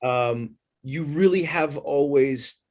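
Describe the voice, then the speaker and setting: A man's voice: fairly high pitch, slow, a little mellow. A man hosting an interview, enthusiastic and effusive, stumbling over his words with praise. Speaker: interview host. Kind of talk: interview host chat.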